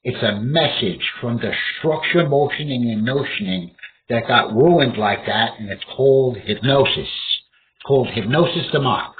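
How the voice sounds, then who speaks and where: Man, rambling fight instruction, swearing, lively swings in pitch, tinny phone-like sound. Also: moderate pace, a little hiss or hum. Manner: profane, rambling, acts out opponent's reactions with outbursts. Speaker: martial arts instructor. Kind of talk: rambling casual instruction to camera.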